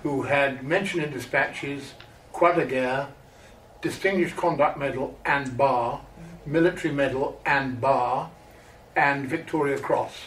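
A man's voice: mid-range voice, fairly bright tone. Man asking a question from the audience in an echoey room. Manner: measured, listing facts. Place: museum gallery. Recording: echoey room, distant mic, faint noise.

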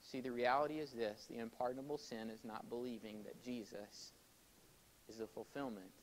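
A man preaching a sermon to his congregation in a church, swinging between loud, emphatic exhortation and quiet explanation, and calling for amens. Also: mid-range voice, steady tone, normal speed, slight background noise, poor audio. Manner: addresses congregation directly, calls for amens. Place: church sanctuary.

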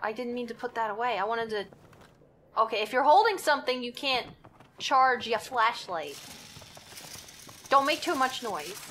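A high, bright voice from a young woman streamer who narrates her horror game to herself. Her pitch leaps all over the place as she gets jumpy, swears and giggles through the scares. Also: animated, normal speed, a little hiss or hum. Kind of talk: live gaming commentary.

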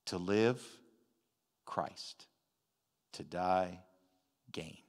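Older male pastor, unhurried, emphatic sermon delivery, in a church with a long reverberating hall sound. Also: fairly low pitch, lively intonation. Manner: emphatic, swings between loud stresses and quiet asides. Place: large church sanctuary.

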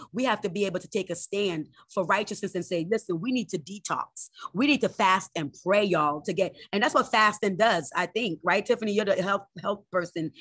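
A woman's voice: a bit bright, no room sound. A woman minister preaching fervently in an online morning prayer, quoting scripture and mocking critics in a raised voice. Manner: fervent preaching with Bible quotes; mocks critics in a high voice.

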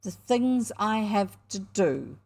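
A woman's voice: mid-range voice, slow, a little mellow. A woman with a New Zealand accent voicing a sulky, aggrieved schoolboy in a storybook reading. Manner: whiny and aggrieved. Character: sulky scheming schoolboy William.

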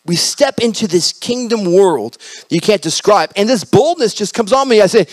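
A male pastor preaching, telling a story with animated quoted dialogue and rising to loud proclamations. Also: high voice, moderate pace, no echo. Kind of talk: sermon storytelling.

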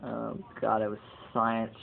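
A man's voice: fairly low pitch, monotone, takes it slowly, vocal fry, narrow, tinny audio. A teenage boy rambling through a casual video blog, digressing often and swearing casually. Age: teens. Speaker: vlogger.

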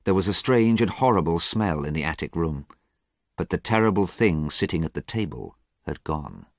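A man reading a story aloud clearly and expressively for English learners. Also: deep voice, big pitch swings, normal speed.

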